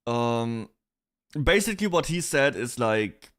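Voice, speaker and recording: A male streamer chats casually and rambles through his thoughts, often restarting sentences and breaking into laughs. His voice sits at an ordinary middle pitch. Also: very animated, a little slow, a bit bright. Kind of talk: casual chat reacting to online drama.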